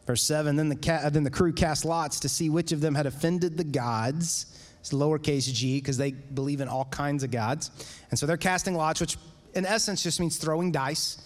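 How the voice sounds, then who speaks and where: A man preaching a sermon as pastor, conversational and animated, with casual asides to the congregation. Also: on the high side, normal speed, long reverb tail. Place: church sanctuary.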